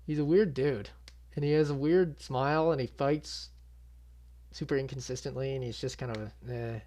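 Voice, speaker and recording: A man's voice: medium pitch, steady tone, normal speed, mellow. A young man hosting his own channel, giving a casual reaction recap with blunt, swearing, exasperated commentary. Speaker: MMA channel host.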